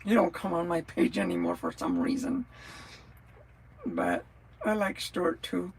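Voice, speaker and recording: A woman's voice: on the low side, very animated, a little slow, gravelly, darkish tone, breathy edge, poor audio. A woman chatting casually on a live stream, rambling from thought to thought and answering viewers' comments as she goes. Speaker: livestreamer.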